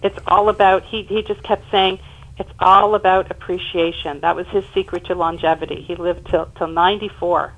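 A woman in her fifties, a guest on an interview show, telling her family's story in an emphatic, animated way. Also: lowish voice, a little fast, gravelly, few pauses, dull audio. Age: 50s. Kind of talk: personal storytelling in conversation.

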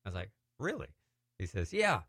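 A middle-aged man telling lively deliverance stories in a casual way, acting out the voices of the people he quotes. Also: on the low side, fairly quick, no room sound, studio quality. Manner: animated, acts out quoted voices. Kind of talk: casual storytelling testimony.

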